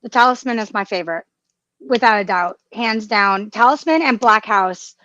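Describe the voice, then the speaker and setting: A woman co-host talks in a gushing, emotional way, tripping over restarts and fillers. Her voice sits at a middle pitch. It comes through a dull, dry home mic. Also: moderate pace, bright, forceful tone, no room sound. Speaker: podcast co-host. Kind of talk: casual chat.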